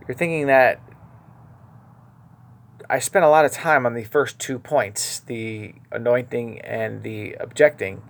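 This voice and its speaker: Gravelly-voiced man preaching verse by verse. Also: mid-range voice, fairly even intonation, a little slow, pauses often. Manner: earnest, shifts between quiet asides and emphatic stressed lines. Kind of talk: verse-by-verse Bible teaching.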